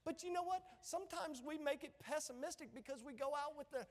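A middle-aged man preaching an impassioned sermon as pastor, rising to shouts. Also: very high voice, fairly quick, hardly any pauses. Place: church sanctuary. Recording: echoey church hall.

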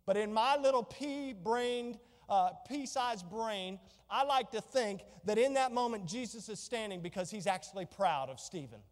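A woman's voice: on the high side, normal speed, few pauses, darkish tone, long reverb tail. A woman preaching a sermon with fervor, piling up rhetorical questions. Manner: fervent, stacked rhetorical questions.

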